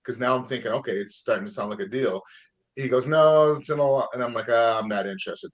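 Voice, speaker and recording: A man's voice: fairly low pitch, fairly even intonation, quick pace, fairly bright tone. A middle-aged man from Vermont hosting a podcast, telling a story casually and acting out both sides of old phone calls. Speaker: podcast host. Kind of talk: podcast interview.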